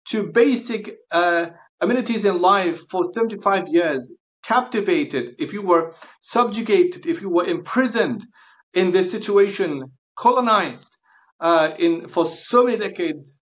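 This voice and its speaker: A man speaking as a guest scholar on a podcast, earnest and halting, often repeating and restarting words. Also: high voice, lo-fi sound. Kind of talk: podcast interview discussion.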